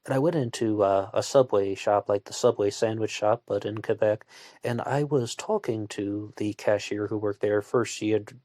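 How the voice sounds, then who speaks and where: Conversational man, low voice. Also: normal speed, a little mellow, no echo, clean studio sound. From West Virginia, USA. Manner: rambling and conversational, asks listeners questions. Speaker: podcast host. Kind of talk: casual true-crime narration.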